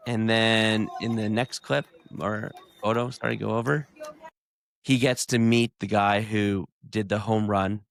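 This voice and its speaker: A man's voice: on the low side, little pitch movement, a little slow, creaky, slight background noise. A man co-hosting a podcast in laid-back casual chat, retelling clips. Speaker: podcast co-host.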